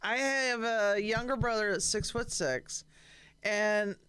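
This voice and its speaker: A woman's voice: medium pitch, takes it slowly, fairly bright tone, clean tone. A woman co-hosting a casual podcast, speaking bluntly and teasing her co-host. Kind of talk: casual chat.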